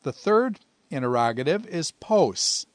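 A man giving a recorded grammar lesson, explaining patiently and slowing down to spell out word forms. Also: on the high side, sing-song, no echo. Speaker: Greek teacher.

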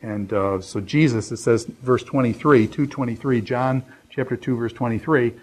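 Male Bible teacher, husky voice, mid-range pitch, relaxed lecturing with restarts. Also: moderate pace, low-quality recording. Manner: conversational, many fillers and restarts, quotes scripture. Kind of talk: unscripted classroom lecture.

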